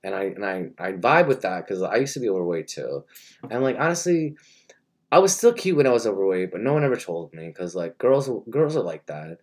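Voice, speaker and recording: A man's voice: on the low side, sing-song, brisk. A young man giving a rambling, mock-earnest comedic monologue and interrupting himself often.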